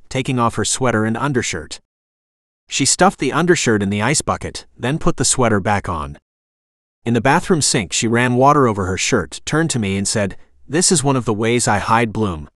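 A man reads a first-person audiobook in a wry, expressive way. His pitch sits mid-range but moves a lot. The recording is dry, with no room sound. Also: dry recording. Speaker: audiobook narrator.

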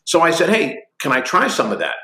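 A man in his sixties, a guest in an interview, telling lively anecdotes and acting out both sides of conversations. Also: on the high side, fairly quick, echoey room. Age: 60s. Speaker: guest, company executive. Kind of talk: animated storytelling interview.

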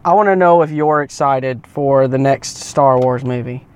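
A man's voice: mid-range voice, moderate pace, smooth. A man hosting a podcast in casual chat, teasing his co-hosts and throwing out provoking questions. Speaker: podcast host.

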